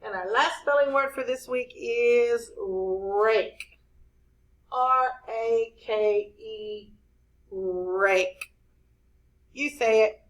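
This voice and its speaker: Slow, encouraging woman teaching spelling. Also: a little high, low-quality recording. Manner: slow, clear, spelling words out letter by letter. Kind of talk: spelling lesson for young children.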